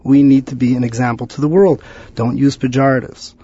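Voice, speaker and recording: A man, a rabbi guest on a radio show, giving earnest advice and telling stories with animated retellings. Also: mid-range voice, fairly quick, slightly rough, dull audio. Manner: animated storyteller, preachy exhortations.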